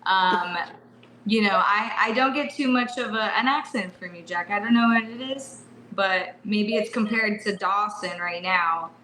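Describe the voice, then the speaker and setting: A woman from Washington state co-hosting a casual chat, bubbly and quick to laugh. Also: medium pitch, bright, forceful tone, echoey room, a little hiss or hum, poor audio. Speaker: co-host.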